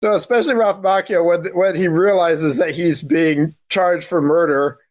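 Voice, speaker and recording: A man's voice: a little high, fairly even intonation, moderate pace. A man on a film podcast talking casually, asking curious questions and restarting with "I mean.".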